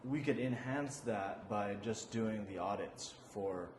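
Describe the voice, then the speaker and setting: A man talking business plans in a relaxed, hesitant way, often restarting his sentences. He is recorded in a roomy, echoing space with a faint hiss of noise behind him. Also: lowish voice, slow. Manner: thinking aloud, hesitant. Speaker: marketing partner, co-host. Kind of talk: casual business chat.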